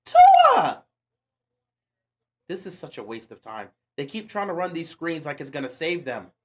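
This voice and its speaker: A man's voice: a little high, lively intonation, brisk, a bit bright. A man hosting a live stream, calling a football game play by play and ranting at it in slangy, exasperated bursts. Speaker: livestream host. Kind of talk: live game watch-along commentary.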